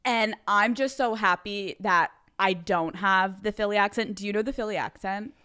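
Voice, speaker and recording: A woman's voice: medium pitch, moderate pace, pushed and bright, clear, resonant tone. A woman from outside Philadelphia hosting a podcast, chatting casually and swearing freely. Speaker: podcast host. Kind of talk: casual interview chat.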